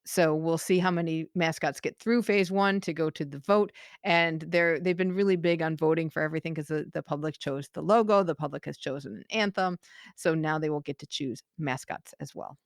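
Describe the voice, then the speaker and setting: A woman co-hosting a podcast, reading out news updates in a careful, measured way and laughing easily between items. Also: low voice, dry recording, clean studio sound. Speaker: podcast co-host. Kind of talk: casual news chat.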